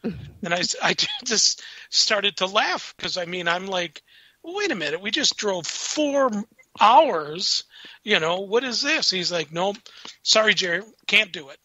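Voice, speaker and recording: A man telling paranormal investigation stories in casual radio chat, animated and laughing as he acts out what people said. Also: sits high, a little slow. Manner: animated, laughing storyteller acting out quotes. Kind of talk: casual storytelling on a radio show. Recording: dull, lo-fi radio sound.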